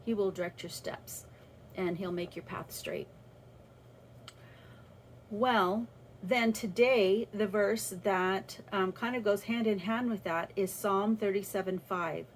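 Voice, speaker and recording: A woman's voice: mid-range voice, fairly even intonation, takes it slowly, slight background noise, rough recording. A woman talking through a personal faith reflection in a casual, earnest way, with restarts as she thinks aloud. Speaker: vlogger sharing a faith reflection.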